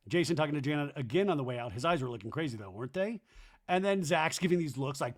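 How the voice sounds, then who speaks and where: A man hosting a podcast, recapping a reality show in a comedic monologue and acting out the cast's lines in shrill, exaggerated voices. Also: animated, fast.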